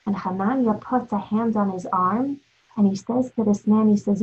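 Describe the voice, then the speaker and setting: Woman w/ giving a torah talk, super husky voice, muffled lo-fi sound. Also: mid-range voice, normal speed. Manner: storytelling, rhetorical questions. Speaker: Torah teacher. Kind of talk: inspirational Torah talk with stories. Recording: dull lo-fi recording.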